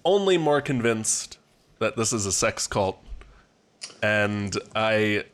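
Dry, mock-serious podcast co-host. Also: male voice, fairly low pitch, expressive, slow pace, a bit bright. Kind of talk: casual comedy chat.

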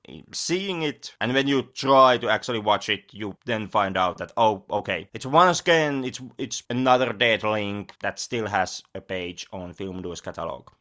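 A man's voice: mid-range voice, pushed and bright. A man co-hosting a casual podcast, blunt and sarcastic, with some swearing. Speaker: podcast co-host.

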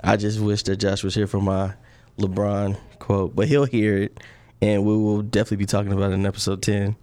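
A man's voice: on the low side, monotone, fairly quick, mellow, clear, resonant tone. A man co-hosting a podcast in casual chat, laid-back and rambling, laughing often. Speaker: podcast co-host.

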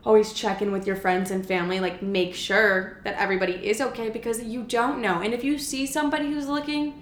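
A young woman candidly chatting as a podcast co-host, telling a personal story in an animated, rambling way full of "like". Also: medium pitch, fairly quick. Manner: chatty, frequent "like", animated retelling. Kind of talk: candid casual chat. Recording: echoey room.

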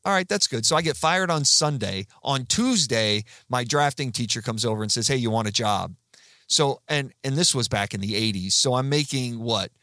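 A man's voice: mid-range voice, sharp tone, no echo. Chatty man in his fifties, dry sound. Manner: chatty, rambling anecdotes with frequent fillers and restarts. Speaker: guest. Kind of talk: casual storytelling.

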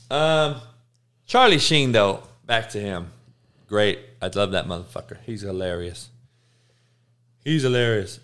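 Man, hungover, slow monotone, crude swearing, smooth clear voice, middle pitch. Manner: crude, blunt trash talk with frequent swearing. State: hungover, sluggish. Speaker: live-stream host reading chat. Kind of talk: casual profane live-stream chat.

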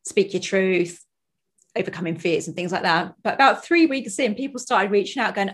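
A woman in her forties chatting as a podcast guest, her voice sitting in an ordinary middle pitch. She talks fast and casually. She acts out quoted lines in a raised voice and laughs easily. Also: lively intonation. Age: 40s. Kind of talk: casual conversation.

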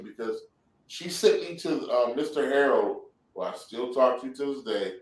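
A man's voice: mid-range voice, moderate pace. A middle-aged man from San Diego tells stories in a casual interview, loose and laughing, with swearing along the way. His voice sits in the middle of the male range. It is picked up from some distance and carries a roomy echo. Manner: loose, laughing, profanity-laced storytelling. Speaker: comedian and actor guest. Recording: roomy sound from a distant mic.

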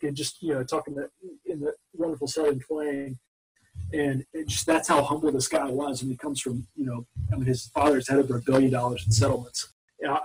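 Heard on a low-quality recording, a slightly rough, medium-pitched man tells animated, meandering stories with frequent restarts. He's in his forties, an ex-Marine from Mobile, Alabama, appearing as a guest in a casual storytelling interview.

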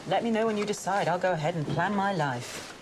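An actress playing a fiery, sharp-tongued British female surgeon with a British accent, cutting and sarcastic. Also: fairly low pitch, fairly quick, lightly acted. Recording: TV drama clip with crowd noise behind.

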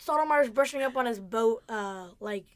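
A young woman with a slightly high voice gushes about favourite moments from a TV episode and laughs often. The recording is close and dry. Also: normal speed, no echo. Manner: enthusiastic, gushing, laughs often. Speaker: podcast co-host. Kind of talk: casual chat recapping a TV episode.

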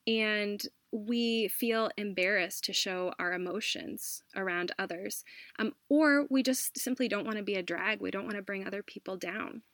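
A woman talks about her teaching work in an earnest, reflective way, pausing and restarting as she thinks. Her pitch sits in the middle range, and she laughs softly now and then. The recording is dry and close, with no room sound. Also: dry recording. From United States. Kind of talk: casual conversational storytelling.

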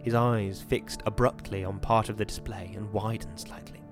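A man hosting a podcast, giving a measured, dramatic reading of a horror novel and then chatting about it. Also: lowish voice, fairly even intonation, music in the background. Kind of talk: dramatic reading and casual commentary.

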